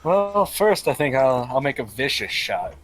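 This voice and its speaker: A man's voice: medium pitch, sing-song, measured pace, noisy background. A man casually playing his character in a tabletop game, laid-back and a little hesitant. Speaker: player.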